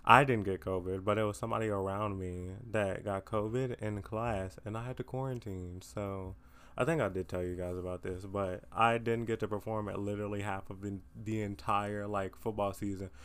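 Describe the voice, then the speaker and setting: A teenage guy hosts his own podcast, sounding worn out as he rambles through his week. His voice sits a bit low and comes across smooth and clear. He talks casually, leaning on fillers and poking fun at himself. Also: little pitch movement, normal speed, a bit bright. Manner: rambling, filler-heavy, self-deprecating. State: tired. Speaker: podcast host. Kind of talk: casual solo chat.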